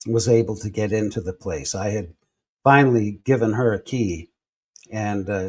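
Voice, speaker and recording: A man telling personal stories in a relaxed interview, acting out the people he quotes as he goes. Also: on the low side. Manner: animated storyteller acting out quoted voices. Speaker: guest. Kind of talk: storytelling in a conversational interview.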